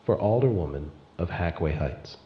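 A man's voice: low-pitched, expressive, reverberant, dull audio, slight background noise. A man voicing a woman politician giving a grand, pompous campaign speech for a tabletop game. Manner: pompous, slow oratory.

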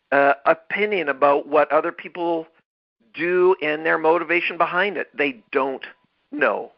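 A man with a somewhat high voice hosts a podcast on leadership, talking emphatically and circling back over his phrases. The sound is a bit dull and lo-fi. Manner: emphatic, repeats phrases, restarts mid-word. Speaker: podcast host. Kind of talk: motivational leadership talk.

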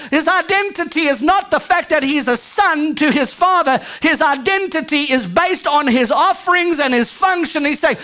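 A woman pastor preaching a live church sermon, energetic and calling out to the congregation. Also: sits high, normal speed, hardly any pauses. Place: church sanctuary.

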